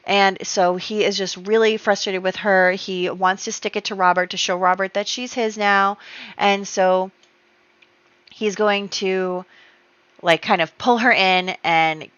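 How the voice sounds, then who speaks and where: A woman's voice: medium pitch, fairly even intonation, unhurried, a bit bright, smooth, no echo. Chatty woman narrating a game story. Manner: chatty, storytelling, many fillers. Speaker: gameplay YouTuber. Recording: dull lo-fi dry sound.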